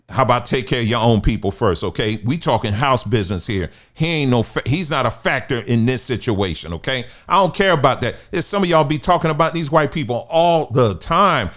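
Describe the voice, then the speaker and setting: A man with a mid-range, slightly bright voice rants at normal speed, sounding animated, in an online commentary monologue. He peppers it with rhetorical questions and repeated-word stumbles while pushing his case.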